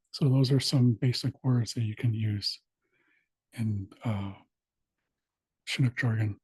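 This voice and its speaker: A man teaching an online language class, walking through old dictionaries in a plain, steady way with frequent pauses and fillers. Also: mid-range voice, husky, no echo. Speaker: language instructor. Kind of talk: online class screen-share walkthrough.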